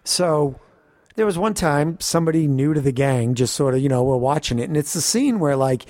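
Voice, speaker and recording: A man co-hosting a podcast, telling a story in casual chat, animated, swearing and laughing often. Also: on the high side, brisk, no echo. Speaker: podcast co-host.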